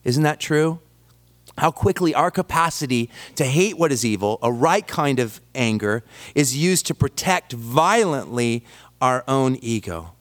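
A man's voice: mid-range voice, animated, measured pace. A man preaching a sermon, telling stories with self-deprecating humor. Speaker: pastor.

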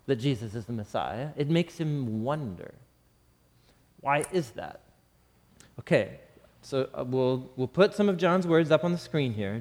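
A man preaching a sermon in an animated way, asking the congregation questions and acting out quotes with sudden shifts in voice. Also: fairly high pitch, long reverb tail. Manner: talks to the congregation with questions and asides.

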